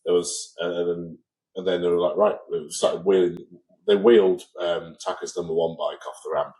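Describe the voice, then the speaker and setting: On a podcast he co-hosts, an English man casually tells a story, voicing the people he quotes. He speaks at a moderate pace in a low, mellow voice with little change in pitch, and the audio is poor.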